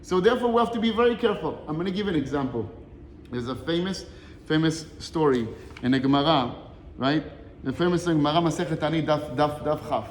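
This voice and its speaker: Male Torah teacher, high-pitched and quick, animated storyteller mixing Hebrew quotes with English; echoey reverberant room. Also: slight background noise. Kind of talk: short Torah lesson retelling a Talmud story.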